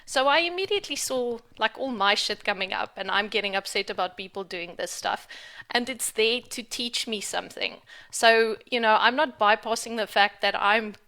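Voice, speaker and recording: A woman's voice: on the high side, moderate pace, sharp tone. A woman talking on her spiritual vlog in a candid rant, frank and emphatic and swearing freely. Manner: emphatic, repeats for stress. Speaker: spiritual vlogger.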